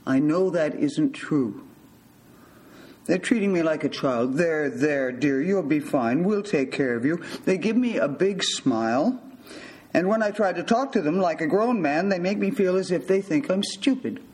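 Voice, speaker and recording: A man's voice: a little high, animated, unhurried, darkish tone, rough recording. A man voicing a bitter, sardonic lawyer in his fifties who is a hospital patient, speaking with articulate disdain.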